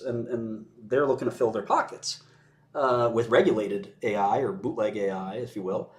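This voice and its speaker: A man's voice: medium pitch, animated, moderate pace. A man giving his views in casual conversation, blunt and sardonic, often laughing as he mocks. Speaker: commentator. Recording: roomy echo.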